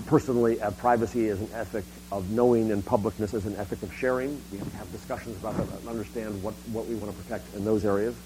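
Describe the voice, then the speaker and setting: A man's voice: lowish voice, a little mellow, a little hiss or hum, poor audio. A middle-aged man gives a public talk on internet policy. He speaks emphatically, often restarting and repeating words.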